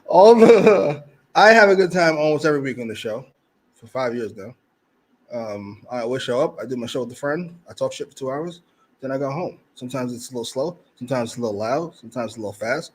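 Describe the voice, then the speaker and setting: A man co-hosting a podcast with a dry, blunt, deadpan manner. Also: medium pitch, brisk. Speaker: podcast co-host. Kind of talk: casual chat.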